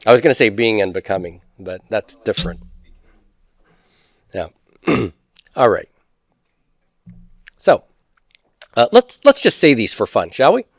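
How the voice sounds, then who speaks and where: A man's voice: fairly low pitch, big pitch swings, measured pace, long pauses, no room sound. A man teaching a Greek grammar lesson, chatty and teasing, drilling word forms aloud. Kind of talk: recorded classroom lecture.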